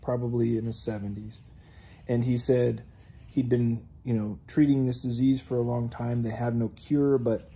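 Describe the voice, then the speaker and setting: A man giving an earnest personal faith testimony, halting and filled with "you know". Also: mid-range voice, little pitch movement, warm tone, slightly rough. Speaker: testimony speaker.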